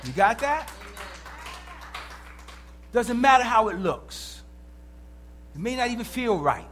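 A man's voice: very high voice, slow pace, slight background noise. A male preacher giving an emphatic sermon and calling out questions to the congregation. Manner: animated, emphatic, calls out to the congregation.

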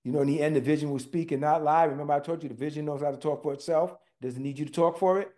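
Male preacher, fairly high voice, emphatic sermon delivery, addresses the congregation directly. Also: fairly even intonation, mellow. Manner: emphatic, slows for stress, talks to listeners directly.

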